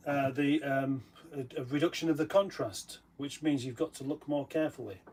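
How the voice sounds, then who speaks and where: A man's voice: mid-range voice, normal speed, darkish tone, husky. A man co-hosting a casual live stream who teases his partner and rambles through his explanations. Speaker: co-host.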